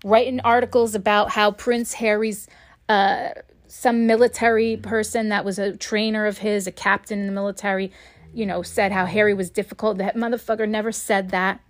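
A woman's voice: medium pitch, flat delivery, normal speed. A woman hosts a casual commentary podcast from home. She is blunt and swears freely, addressing her listeners directly as if chatting with a friend. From United States. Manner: blunt, heavily profane, talks straight to the listener. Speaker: podcast host.

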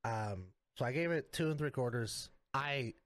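A man's voice: medium pitch, normal speed, fairly bright tone, dry recording. A young man co-hosting a casual wrestling podcast who laughs often and acts out what people said. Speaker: podcast co-host. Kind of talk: casual chat.

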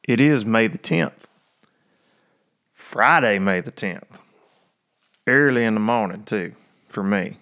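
A man's voice: lowish voice, expressive, slow pace, pauses often, fairly bright tone. A man hosting a podcast in casual chat, rambling and joking with many fillers, in his early morning voice. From Tennessee. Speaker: podcast host.

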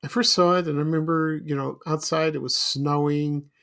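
A man's voice: on the high side, steady tone, moderate pace, a bit bright. A middle-aged man from Chicago hosting a casual solo podcast, rambling and nostalgic with many fillers and restarts. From Chicago, USA. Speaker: podcast host.

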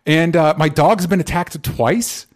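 A man co-hosting a podcast, chatting casually and rambling about movies, with frequent swearing and animated asides. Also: a little high, a little slow. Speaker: podcast co-host.

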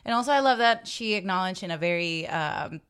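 A woman co-hosting a casual podcast chat, talkative and swearing casually in animated asides. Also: on the low side, a little fast, smooth. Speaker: podcast co-host.

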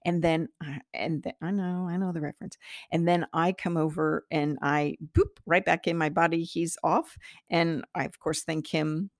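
A middle-aged woman with a low voice tells a personal story in an earnest, meandering way. Her tone is gravelly, full of fillers and false starts, and the sound is dry and close. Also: steady tone, normal speed, no room sound. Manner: earnest, rambling, many fillers and restarts. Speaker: podcast host, healer.

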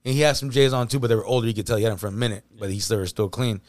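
Podcast co-host, male, rapid animated storyteller, profane and loose. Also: fairly low pitch, no echo. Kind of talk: casual chat.

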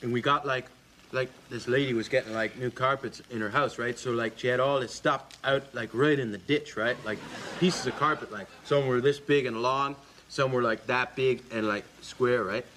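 A man's voice: mid-range voice, fairly even intonation, moderate pace, a bit bright, a little hiss or hum, natural voice. An actor playing a dim-witted young Canadian man who hosts a cheap show with his brother, rambling with "like" and "right?", with a Canadian accent. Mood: rambling chat. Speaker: comedy sketch character.

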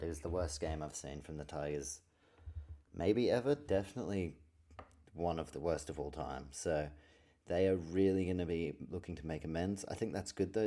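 A man's voice: deep voice, warm tone. A man hosting a podcast from his room at night, chatting casually, swearing often and drifting off topic. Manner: rambling, swears a lot, easily sidetracked. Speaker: podcast host. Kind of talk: casual solo sports talk.

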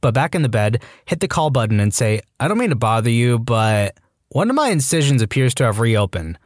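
A man's voice: mid-range voice, sing-song, a little fast, dry recording, clean studio sound. A man narrating a string of online stories aloud, acting out the quoted lines with animation. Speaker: story narrator.

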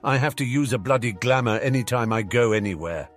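A man's voice: medium pitch, expressive, a little fast, voice pushed up, lightly acted. A man voicing a moody, indignant adult man on the run, huffy and defensive, in a storybook reading. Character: indignant adult male fugitive godfather, moody. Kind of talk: audiobook character reading.

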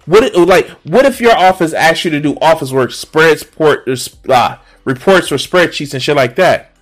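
A man streaming a reaction, ranting with sarcasm and profanity, swinging from low mutters to loud outbursts. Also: sing-song, normal speed, faint music behind. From Chicago area.

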